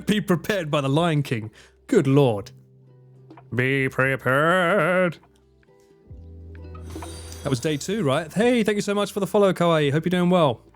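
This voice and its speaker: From his home in Japan, a man with an Essex accent hosts a casual live stream, thanking viewers by name and running himself down. He comes from Essex, England. His voice is fairly high in pitch and a little mellow.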